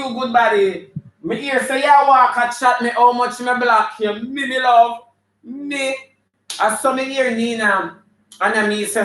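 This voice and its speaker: A man's voice: a little high, lightly acted. A man doing a sassy Jamaican auntie in drag. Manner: flamboyant, shouting out viewers' names. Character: sassy female character in drag, full of attitude. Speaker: comedian hosting a live stream. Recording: echoey room, mic at a distance.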